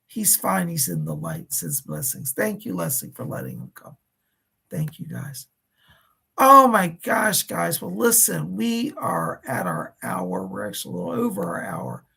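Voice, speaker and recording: A middle-aged man hosting live psychic readings, chatting warmly with viewers by name and relaying messages. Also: mid-range voice, wildly swooping pitch, measured pace, creaky, husky. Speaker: psychic medium host.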